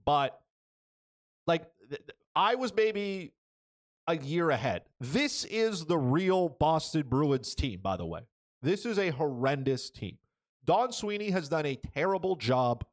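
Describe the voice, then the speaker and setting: A man's voice: fairly high pitch, big pitch swings, unhurried. Blunt opinionated male podcast host. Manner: blunt, frequent "right?" and "okay?" tags. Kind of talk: opinionated sports commentary.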